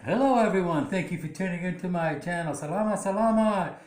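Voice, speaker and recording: A man's voice: sits high, fairly quick, darkish tone, reverberant, soft background music. A man hosting his own channel, casually retelling a drama episode with lots of fillers and restarts. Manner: rambling, many fillers and restarts. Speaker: channel host. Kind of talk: casual plot recap.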